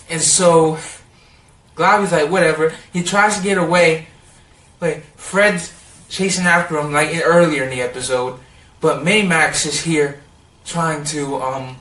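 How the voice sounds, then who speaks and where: A man giving a casual, rambling recap of a cartoon episode, excitable and full of "like.". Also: on the high side, distant mic. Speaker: TV episode reviewer. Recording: roomy sound, set back from the mic.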